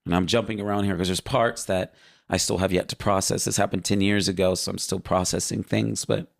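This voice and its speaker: A man's voice: low voice, steady tone, a little fast, gravelly, dry recording, studio quality. A man earnestly recounting a vivid spiritual vision in casual spoken testimony. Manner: earnest, vivid storytelling with fillers.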